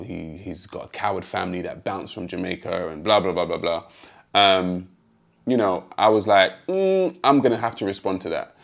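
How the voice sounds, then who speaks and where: A British man hosting a response video, speaking in a measured, calmly pointed way straight to his critic. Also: sits low, vocal fry. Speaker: host answering a critic. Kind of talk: direct-address response video.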